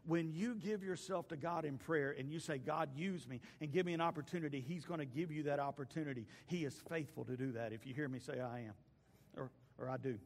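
A pastor preaching from the pulpit, his voice pitched high for a man. He tells stories in a folksy way, swinging from loud calls to hushed asides. A long reverb trails after him in the church. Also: brisk, creaky. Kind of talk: sermon. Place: church sanctuary.

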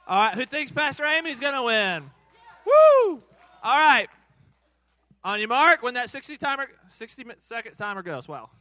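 A man's voice: very high voice, big pitch swings, moderate pace, sharp tone, no room sound. A man hosting a live church game for kids and a crowd, playful and hyped, cheering countdowns and teasing the players. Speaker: children's church game host. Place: church hall.

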